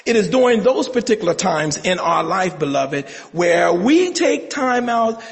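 A middle-aged male pastor preaching a sermon, building to shouted, rhythmic call-and-response passages. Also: sits high, very animated, measured pace, gravelly. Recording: long hall reverb.

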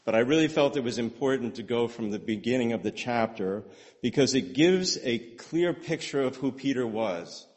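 A man preaching a sermon in an animated way, with rhetorical questions and repeated words. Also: mid-range voice, normal speed. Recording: long hall reverb.

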